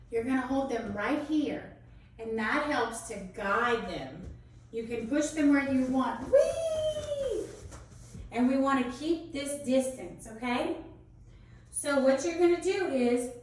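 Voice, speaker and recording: A high-voiced dance teaching artist leads a children's class, brightly calling out moves and counting steps aloud with eager encouragement. She speaks slowly and carefully, heard from some distance in a very echoey room.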